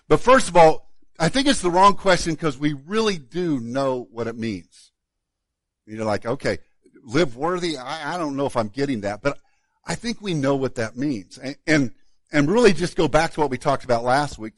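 A man, a pastor, preaching a sermon in a relaxed, conversational way, often repeating words as he restarts a thought. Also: fairly high pitch, no room sound.

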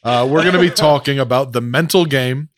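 A man hosting a casual podcast, chatty and relaxed with plenty of fillers. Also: mid-range voice, brisk, a loud crowd. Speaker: podcast host.

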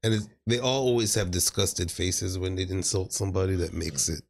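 Deep gravelly laid-back man. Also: steady tone, a little fast. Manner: laid-back, slangy plugs and quips. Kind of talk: casual podcast chat.

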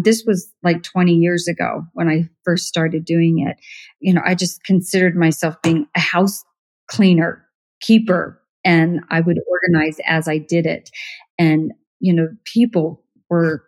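Chatty middle-aged woman, low-pitched. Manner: chatty, animated, acts out quoted voices with laughs. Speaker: professional organizer, podcast guest. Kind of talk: casual interview storytelling.

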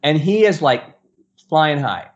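Middle-aged man, portrait photographer guest, slightly high voice, acts out voices, dull lo-fi sound. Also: very animated, unhurried, slight background noise. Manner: acts out quoted voices and laughs often. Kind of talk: animated storytelling.

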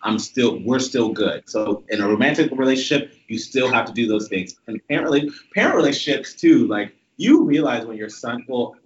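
A young man in casual group conversation, thoughtful and relaxed, often restarting his sentences. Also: mid-range voice, a little fast, hardly any pauses. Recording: dull lo-fi audio with faint noise.

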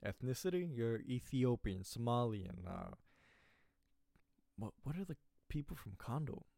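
A man's voice: mid-range voice, animated, measured pace, gravelly, mellow, dry recording. A man from California hosting a small solo podcast, rambling and correcting himself, with slightly slurred, lazy speech. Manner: rambling, self-correcting, slurs words. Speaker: podcast host. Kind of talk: casual solo podcast monologue.

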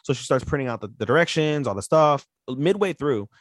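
A man's voice: medium pitch, expressive, fairly quick, dry recording, studio quality. A man co-hosting a podcast, recapping anime episodes in a loose, rambling way full of "like" fillers and casual swearing. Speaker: podcast co-host.

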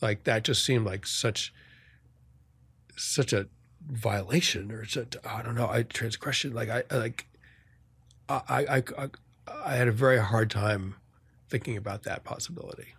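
Male guest: rough, breathy-edged voice, stop-start phrasing, reflective. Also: medium pitch, a bit bright, no room sound. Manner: halting, many restarts and self-corrections. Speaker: guest, war journalist and author. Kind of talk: reflective podcast conversation.

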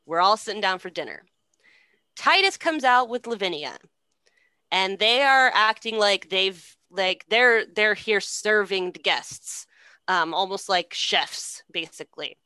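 A young woman recapping a story casually, animated and swearing, laughing often. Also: medium pitch, measured pace, clear, resonant tone, dry recording.

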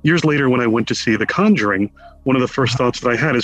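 Husky-voiced man telling a story. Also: medium pitch, quick pace, low-quality recording. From Connecticut, USA. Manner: animated storyteller who acts out quotes with wry humor. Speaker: interview guest. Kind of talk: casual anecdotal storytelling.

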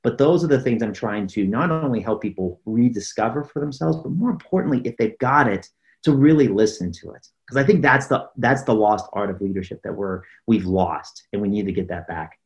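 A man's voice: on the low side, animated, fairly quick, dull audio. A man who coaches leaders, talking as an interview guest and telling stories earnestly, with many fillers. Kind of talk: casual interview storytelling.

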